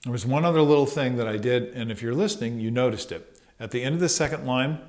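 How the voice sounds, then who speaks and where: A trumpet teacher with a medium-pitched, darkish voice gives a casual lesson at a fast clip. He thinks aloud with fillers and sometimes sings syllables to demonstrate phrasing.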